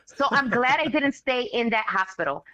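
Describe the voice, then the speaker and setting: A woman, a guest telling a story in casual animated talk, acting out the voices of others. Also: fairly high pitch, moderate pace, dry recording, muffled recording. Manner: animated, acts out quoted voices, swears casually.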